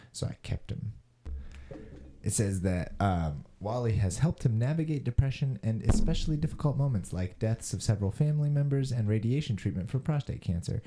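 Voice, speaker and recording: A man's voice: fairly low pitch, dark tone. A man co-hosting a casual chat podcast, reading odd news stories aloud with chuckling asides. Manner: chuckling, reads articles with asides. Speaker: podcast co-host.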